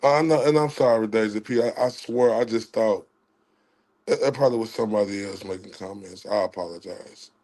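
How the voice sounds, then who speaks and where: A man hosting a livestream, ranting in a heated, profane way and swinging between loud outrage and quiet apologies. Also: lowish voice, a little fast. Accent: Southern US. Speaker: livestream host.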